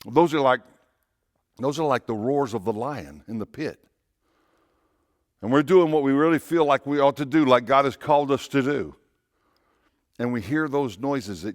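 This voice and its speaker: A man's voice: mid-range voice, normal speed, long pauses, no echo. Man preaching a conversational sermon, dry sound. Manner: conversational preaching with repeated phrases and rhetorical questions. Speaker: pastor. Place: church.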